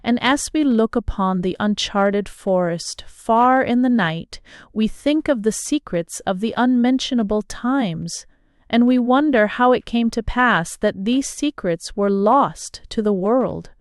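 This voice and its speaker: Slow, smooth-voiced woman reading aloud. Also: on the high side, expressive, dry recording, clean studio sound. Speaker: audiobook reader. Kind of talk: scripted narration.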